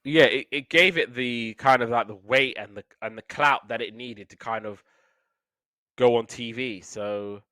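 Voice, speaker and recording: A man's voice: medium pitch, a little slow, sharp tone, no room sound. A man hosting a podcast, casually recapping a cartoon episode in a rambling way, leaning on "obviously" and "like". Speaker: podcast host.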